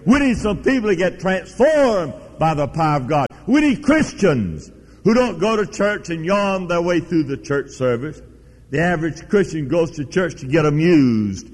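A man's voice: a little high, animated, moderate pace, a little mellow. A man preaching a sermon, telling a story in a folksy, emphatic way. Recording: long reverb of a large hall.

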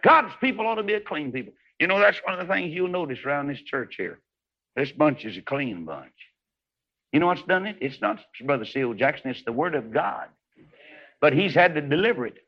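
A man preaching a fervent sermon, swinging between loud rising highs and hushed low passages. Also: sing-song, fairly quick. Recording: dull lo-fi old recording.

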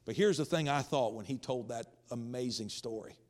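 A man's voice: medium pitch, normal speed, a little mellow. A man preaching a sermon, retelling a story with rising intensity. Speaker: pastor.

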